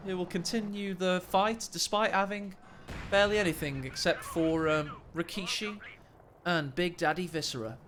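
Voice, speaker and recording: A man casting a video game match, joking and rambling and breaking into sudden excited shouts. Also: sits high, moderate pace, slight background noise. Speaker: game caster.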